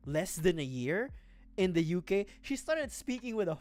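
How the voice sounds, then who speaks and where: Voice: medium pitch, sing-song, moderate pace, a little mellow, dry recording. A streamer from the Philippines chatting casually on a livestream, rambling, self-mocking and laughing often.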